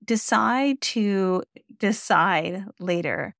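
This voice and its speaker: A woman's voice: medium pitch, drawn-out words, creaky, a bit bright, no room sound, clean studio sound. A woman hosting a career podcast, giving encouraging advice alone and often checking in with "right?". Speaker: career coach podcast host. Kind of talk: solo podcast advice talk.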